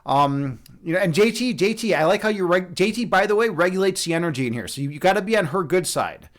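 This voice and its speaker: A man's voice: high voice, lively intonation, quick pace. A young man hosting a casual livestream, chatting with viewers in a rambling, joking, absurdist way full of fillers and restarts. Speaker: livestream host and meditation instructor.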